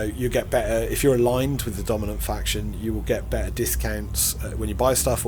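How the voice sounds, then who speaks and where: A middle-aged man giving casual, rambling commentary while playing a space game, often laughing at himself. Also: medium pitch. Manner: rambling, self-deprecating, chuckles to himself. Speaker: gaming channel host.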